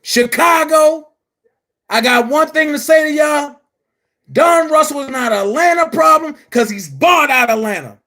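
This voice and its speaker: Brief: man, very high voice, angry profane commentary rant, frequent shouting, blunt and repetitive. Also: unhurried. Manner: blunt and emphatic, repeats phrases. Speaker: online commentary host. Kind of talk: heated vlog rant.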